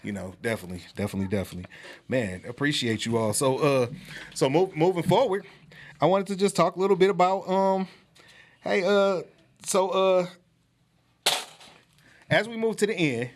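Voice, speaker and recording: A man's voice: sits high, normal speed, long pauses. An American man hosting a podcast conversation, talking loosely with many restarts and laughs. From United States. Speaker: podcast host. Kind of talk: casual conversational interview.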